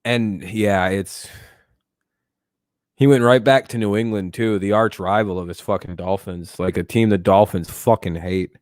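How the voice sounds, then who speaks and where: Excitable, profane man on a sports stream. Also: on the low side, moderate pace, dry recording, studio quality. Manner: excitable, profane, talks back to chat. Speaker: streamer host. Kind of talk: casual live-stream sports talk.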